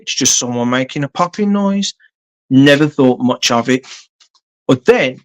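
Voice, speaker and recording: Man, live stream storyteller, mid-pitched voice, sweary, rambling, full of fillers. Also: measured pace, pauses often.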